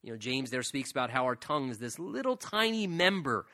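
A man's voice: medium pitch, sing-song, fairly quick, sharp tone, dry recording. A man preaching a sermon in a conversational way, retelling scripture in casual words and chuckling often.

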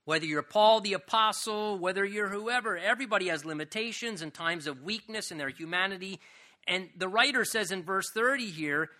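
A man preaching a sermon, emphatic, slowing down to stress scripture verses. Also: high-pitched, lively intonation, bright, forceful tone.

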